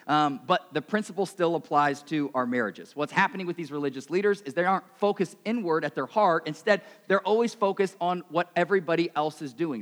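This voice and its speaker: A man preaching a sermon in a conversational, self-mocking way, his voice swinging between loud and quiet. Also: a little high, big-room sound. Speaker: pastor.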